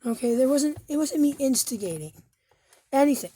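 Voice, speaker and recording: A hoarse woman telling her own story to the camera in an agitated, profane way, with frequent repetitions and restarts. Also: sits high, lively intonation, moderate pace, dark tone. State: hoarse, injured throat. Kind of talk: personal recounting to camera.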